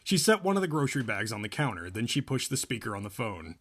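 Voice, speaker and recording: A man's voice: medium pitch, big pitch swings, fast talker, fairly bright tone, slightly rough. A man co-hosting a podcast, reading a novel aloud and often breaking off to laugh and joke. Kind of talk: casual chat and comic read-aloud.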